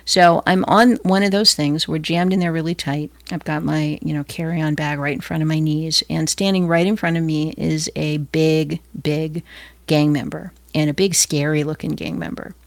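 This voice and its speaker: A middle-aged woman from Los Angeles speaks in a loose, conversational devotional manner. Her voice sits fairly low with a gravelly edge, and she stops, restarts and fills pauses with ums. The sound is dry and close. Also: steady tone, dry recording. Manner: conversational, many fillers and restarts. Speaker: Christian speaker. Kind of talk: informal devotional talk.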